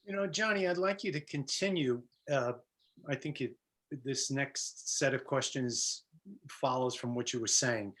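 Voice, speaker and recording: A man's voice: medium pitch, unhurried, a bit bright. Man leading a church discussion. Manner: prompting with questions. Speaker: discussion leader. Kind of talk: guiding a church group discussion.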